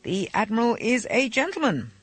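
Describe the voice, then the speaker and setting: A man reading an audiobook and voicing an excitable young male pilot. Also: very high voice, normal speed, breathy edge, dry recording, voice pushed up, heavily acted. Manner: excitable exclamations.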